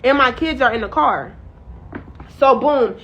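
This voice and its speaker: A woman's voice: high-pitched, unhurried, a bit bright, slight background noise. A woman telling her own story straight to camera in a casual, heated and emphatic way, full of swearing and "like". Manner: emphatic, heated, profane, heavy use of "like". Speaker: woman recounting her arrest. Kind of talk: casual first-person account to camera. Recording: dull lo-fi audio.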